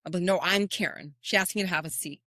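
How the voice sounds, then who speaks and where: Woman coach hosting a podcast, lowish voice, earnest storytelling, dry close mic. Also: fast, no room sound. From Canada. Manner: earnest, lively storytelling with rhetorical questions. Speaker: podcast host and confidence coach. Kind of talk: motivational podcast talk.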